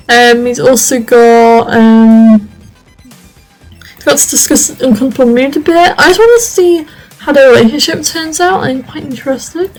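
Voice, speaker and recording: A woman's voice: sits high, a little mellow, poor audio. A woman giving casual, rambling commentary over her gameplay. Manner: chatty, rambling, lots of fillers. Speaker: video game creator.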